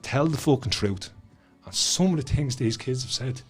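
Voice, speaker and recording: A Dublin man from Ireland, a guest author and school speaker, chats casually on a studio podcast over soft background music. His mid-range voice is fairly quick and slightly rough. He swears freely, speaks bluntly and tells his stories with animation.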